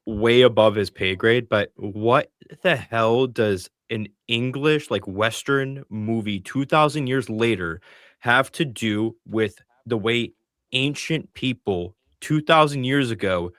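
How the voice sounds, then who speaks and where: Male panelist, mid pitch, dry sound, blunt sarcastic delivery. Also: slow, fairly bright tone, dry recording. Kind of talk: casual debate commentary.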